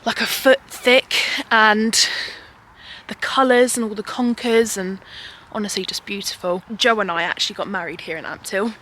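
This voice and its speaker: A woman's voice: mid-range voice, steady tone, moderate pace, a bit bright. A young woman vlogging outdoors in a park, chatty and rambling, a little out of breath and laughing often. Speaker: vlogger and mother. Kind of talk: casual chatty vlog.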